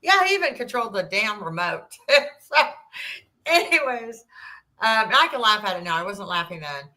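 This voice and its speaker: A woman in her sixties, a podcast guest, telling a personal story in an animated way and acting out the dialogue. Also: medium pitch, moderate pace. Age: 60s. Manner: animated, acts out quoted dialogue, rambling restarts.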